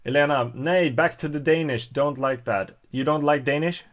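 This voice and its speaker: A man's voice: fairly high pitch, moderate pace. A man with a Swedish accent chatting casually with viewers on a livestream, hesitant, with many fillers and restarts. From Sweden. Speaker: livestream host. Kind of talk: casual live-stream chat.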